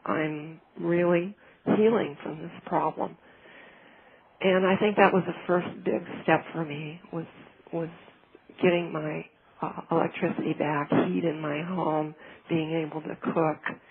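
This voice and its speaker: A woman sharing a personal healing testimonial in an earnest, heartfelt way, often pausing and restarting her sentences. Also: low-pitched, steady tone, gravelly. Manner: halting, with frequent restarts and fillers. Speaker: client giving a testimonial. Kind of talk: personal testimonial, casual telling. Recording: phone-like lo-fi with faint noise.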